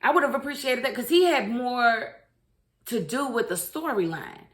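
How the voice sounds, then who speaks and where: Animated woman giving an opinionated recap. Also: fairly high pitch, moderate pace. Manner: animated, opinionated storytelling with acted-out quotes. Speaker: show recap reviewer. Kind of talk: casual spoiler recap.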